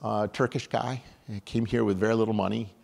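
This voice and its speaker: An older man from upstate New York giving an animated, conversational conference talk, often restarting his sentences. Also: on the low side, fairly quick, gravelly. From upstate New York, USA. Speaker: conference speaker.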